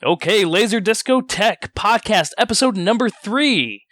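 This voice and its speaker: A man's voice: high-pitched, lively intonation, a little slow, fairly bright tone, faint music behind. A man hosting a podcast in casual banter, teasing his co-hosts and giving blunt opinions. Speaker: podcast host.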